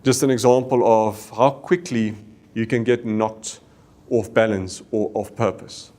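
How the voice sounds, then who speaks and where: A man's voice: lowish voice, steady tone, measured pace, dark tone. A middle-aged South African man, a company CEO, candidly telling a personal story to staff and acting out the dialogue. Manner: candid storyteller, acts out dialogue, Afrikaans exclamations. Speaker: company CEO giving a talk.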